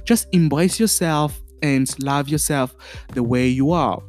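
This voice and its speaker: A man's voice: fairly high pitch, a little slow, a little mellow, faint music behind. A man with a French accent hosting a podcast, giving an earnest motivational talk full of fillers and restarts. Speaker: podcast host. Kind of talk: motivational monologue.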